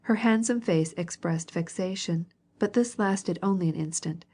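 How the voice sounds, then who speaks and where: A woman reading a classic novel aloud as an audiobook narrator, in a measured way, gently voicing each character. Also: lowish voice.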